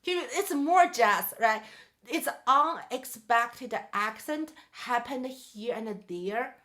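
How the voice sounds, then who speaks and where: Slow, bright-voiced woman teaching piano. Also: a little high, lively intonation. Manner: explains in short phrases and sings rhythm syllables. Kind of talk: jazz piano lesson. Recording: piano playing behind.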